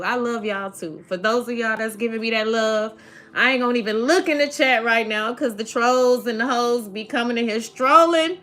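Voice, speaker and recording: A woman's voice: fairly high pitch, normal speed, sharp tone. Chatty woman. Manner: chatty, laughs often, addresses viewers as y'all. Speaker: tarot reader. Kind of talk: casual livestream chat.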